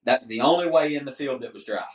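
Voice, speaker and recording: A man appearing as a podcast guest talks fast at a medium pitch, telling a story in easygoing chat and acting out each exchange with animation. A distant mic gives the audio a roomy quality.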